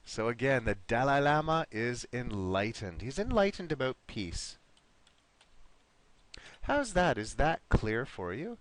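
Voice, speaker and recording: A man leads a live online class, his voice rising and falling in a lively, animated way. He speaks encouragingly, calls on students by name, and slows down to model words clearly. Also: mid-range voice, no room sound. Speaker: online English teacher.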